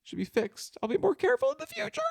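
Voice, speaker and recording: Young man rambling with lively pitch. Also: fast, gravelly, dry recording, studio quality. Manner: rambling, full of "like" and self-corrections. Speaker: podcast co-host. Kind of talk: casual chat.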